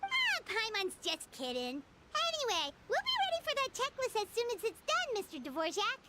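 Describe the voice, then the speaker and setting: A woman's voice: very high-pitched, huge pitch swings, moderate pace, very noisy, heavily acted. A woman voicing a tiny, cheeky fairy companion girl who talks about herself in the third person, over game music. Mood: cheeky, chirpy.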